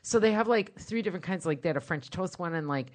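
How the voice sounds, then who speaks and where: A woman co-hosting a podcast, telling funny stories in a chatty, animated way. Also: fairly low pitch, fast talker. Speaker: podcast co-host. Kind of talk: casual storytelling chat.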